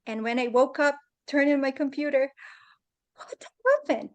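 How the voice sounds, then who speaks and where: A woman's voice: high-pitched, fairly even intonation, brisk. A woman speaking as a guest at a leadership summit over a video call, telling a personal story in an earnest, heartfelt way.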